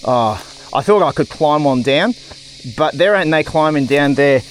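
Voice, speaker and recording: An Australian man with a fairly high voice talks as he rides a rough bush trail, throwing out exclamations and chatting to himself and his viewers. Outdoor noise from the ride sits clearly under his voice, and the sound comes from a camera mic. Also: lively intonation, measured pace. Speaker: cycling vlogger. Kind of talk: casual narration while riding.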